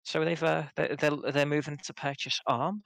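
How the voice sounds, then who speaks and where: A man's voice: on the high side, steady tone, moderate pace, gravelly, fairly bright tone, dry recording. A man co-hosting a podcast in casual, stubborn, joking banter. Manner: stubborn, playful banter with frequent laughs. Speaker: podcast co-host. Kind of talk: casual chat.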